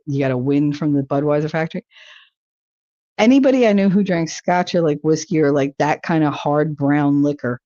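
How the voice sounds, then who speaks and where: A woman's voice: deep voice, dark tone, dry recording, lo-fi sound. A woman hosting a casual livestream talk show, chatting with viewers in a rambling way and laughing easily. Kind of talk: casual chat reacting to viewer comments.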